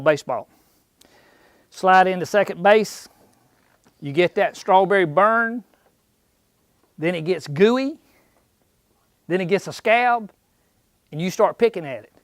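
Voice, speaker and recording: A slightly high-voiced man with a drawl holds forth at a seminar in a shop. He spins folksy, joking stories, drops into slangy voices and keeps asking his crowd questions. The sound is dry and close, with little room in it. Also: dry recording. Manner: folksy, jokey storyteller, acts out bucks in slang, quizzes the audience. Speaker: seminar speaker on deer hunting. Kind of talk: live seminar talk to a small crowd. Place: indoor outdoor shop.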